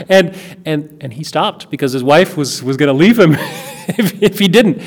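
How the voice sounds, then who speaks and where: Earnest man telling a story, higher voice. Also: expressive, moderate pace. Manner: earnest, repeats words and restarts, emphatic asides. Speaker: speaker recounting a family story. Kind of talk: casual spoken storytelling.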